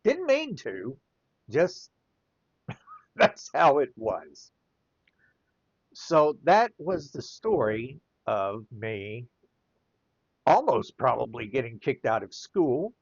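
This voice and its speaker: A man's voice: medium pitch, very slow, vocal fry, long pauses, husky, no room sound, lo-fi sound. A man telling a casual anecdote while he draws, chuckling often as he talks. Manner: chuckles often, lively rise and fall. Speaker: artist and storyteller.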